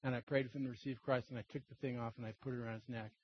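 An older man giving a personal testimony in an animated storytelling way, acting out the voices of people in his story. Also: mid-range voice, rapid-fire, breathy edge. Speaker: testimony speaker. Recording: dull dry lo-fi recording.

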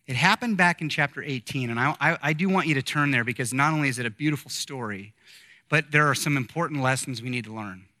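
A man in his forties preaching a conversational sermon, reading scripture and adding lively asides to his congregation. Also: mid-range voice, fast, dry recording, clean studio sound. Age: 40s. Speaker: pastor.

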